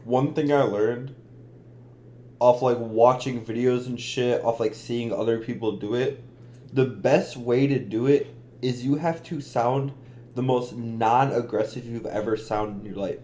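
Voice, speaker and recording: A man's voice: medium pitch, fairly even intonation, unhurried, dark tone. A man co-hosting a podcast, earnestly explaining his point in casual chat. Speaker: podcast co-host.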